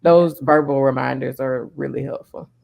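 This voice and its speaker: Laughing woman with a gravelly edge. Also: a bass voice, fairly even intonation, moderate pace, a little mellow. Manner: teasing, laughs often. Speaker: podcast co-host. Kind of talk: casual chat.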